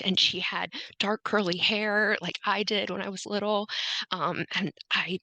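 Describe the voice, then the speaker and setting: A woman's voice: mid-range voice, fairly even intonation, moderate pace, bright, forceful tone, dry recording, poor audio. A woman guest on a podcast, telling her story in conversation and often quoting herself and others.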